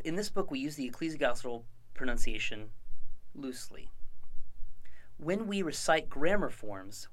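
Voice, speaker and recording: A man teaching a Latin lesson, speaking clearly and deliberately and stretching words to stress their endings. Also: mid-range voice, a bit bright, poor audio. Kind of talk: instructional lesson narration.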